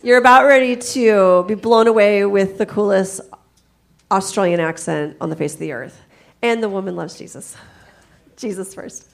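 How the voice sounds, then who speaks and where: A woman's voice: mid-range voice, moderate pace, gravelly. A woman hosting at church, introducing a guest speaker in an effusive, enthusiastic way. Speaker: church host.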